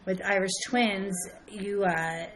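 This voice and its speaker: A mother chatting casually on a live stream from home, rambling and halting with many restarts, breaking off to greet viewers by name. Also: medium pitch, fairly even intonation, low-quality recording. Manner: greets chat viewers by name mid-sentence. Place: at home with her young children nearby.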